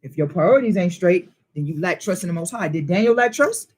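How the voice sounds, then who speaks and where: High-voiced man preaching with street slang. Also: lively intonation, brisk. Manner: emphatic, rhetorical questions, street slang. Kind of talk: informal preaching.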